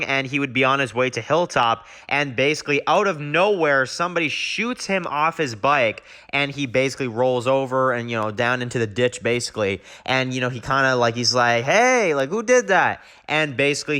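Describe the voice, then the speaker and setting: A man's voice: mid-range voice, sharp tone. A man reviewing a TV show, casually recapping his rewrite of an episode and full of fillers. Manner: rambling, many fillers like basically and you know.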